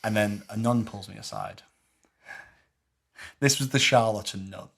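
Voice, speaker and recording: A man co-hosting a podcast, telling a story in casual chat and dropping to a low mutter for quoted lines. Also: unhurried, gravelly, fairly bright tone. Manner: recounts scenes with low muttered quoted dialogue. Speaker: podcast co-host.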